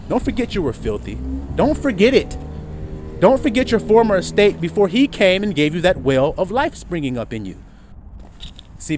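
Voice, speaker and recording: Man preaching with wildly swinging pitch. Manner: preaching, swinging from low murmurs to loud cries. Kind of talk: street sermon. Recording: faint street noise behind.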